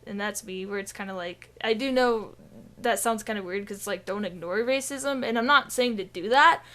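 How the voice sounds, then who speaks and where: A woman's voice: medium pitch, normal speed, fairly bright tone. A woman co-hosting a casual gaming podcast, rambling with restarts, laughter and swearing. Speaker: podcast co-host.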